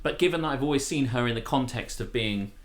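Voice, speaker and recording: A man's voice: mid-range voice, quick pace. A man co-hosting a live-stream chat show, talking casually and jokily, often breaking into silly voices. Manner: animated, jokey, given to silly voices and laughter. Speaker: podcast co-host.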